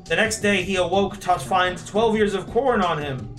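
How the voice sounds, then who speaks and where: A man's voice: sits high, normal speed, a bit bright, soft background music. A young man on a stream, reading his old school story aloud and laughing at it. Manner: amused, laughing often.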